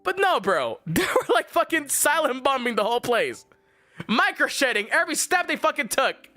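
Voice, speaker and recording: A young man, a streamer, telling a story as a casual, exasperated rant full of swearing. He swings between his high voice and deep mock tones. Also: very animated, normal speed, sharp tone, dry recording, faint music behind.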